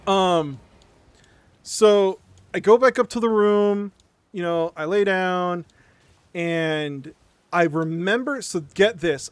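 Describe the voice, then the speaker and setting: A man streamer telling a story in casual chat, animated and sarcastic, with frequent stammered restarts and swearing. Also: high-pitched, slow, pauses often, clear, resonant tone, dry recording.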